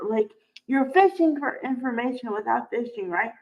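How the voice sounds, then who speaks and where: A woman's voice: fairly high pitch, lively intonation, normal speed, darkish tone. A woman recapping soap operas in a casual vlog, chatty and opinionated, with frequent sighs. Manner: chatty and opinionated, sighing often. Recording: dull lo-fi recording.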